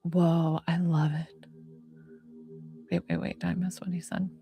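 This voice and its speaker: A woman hosting a psychic livestream, chatting casually and excitedly, rambling and greeting viewers by name while still catching her breath. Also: fairly low pitch, a little slow, soft background music. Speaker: psychic medium livestream host.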